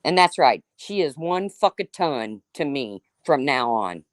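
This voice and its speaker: A woman's voice: rumbling low, sing-song, a little slow, no echo, studio quality. A woman hosting a livestream, ranting heatedly with lots of swearing and calling out chat viewers by name. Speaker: livestream host.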